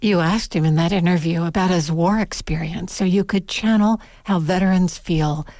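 A woman interviewer asking measured, well-informed questions. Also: fairly low pitch, darkish tone, no echo, studio quality.

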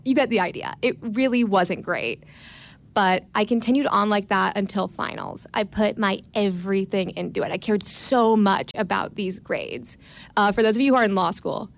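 A young woman in her twenties from Florida telling a candid, wry personal story on stage, often laughing between lines. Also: vocal fry. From Tampa, Florida. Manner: quick and lively, pitch rising when excited.

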